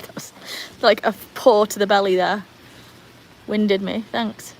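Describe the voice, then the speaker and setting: A woman's voice: mid-range voice, fairly even intonation, measured pace, gravelly, a little hiss or hum, rough recording. Chatty British woman on a home livestream. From Britain. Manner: chatty, reads out viewer comments, talks to her dogs. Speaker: livestream host. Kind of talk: casual livestream chat. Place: home with her dogs.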